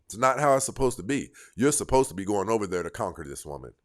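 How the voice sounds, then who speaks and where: Blunt, lecturing male dating coach with a very deep voice. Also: very animated, fast. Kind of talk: direct-to-camera advice monologue.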